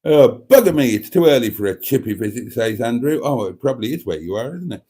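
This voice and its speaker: Fast and very animated, a man with a dark, medium-pitched voice runs a casual live chat stream. He reads out what viewers post, tossing in camp, wry remarks and laughing a lot.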